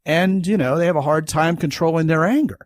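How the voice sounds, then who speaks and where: A man's voice: fairly high pitch, fairly quick, no room sound. A man hosting a podcast, talking in an emphatic, folksy way in casual conversation. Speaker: podcast host.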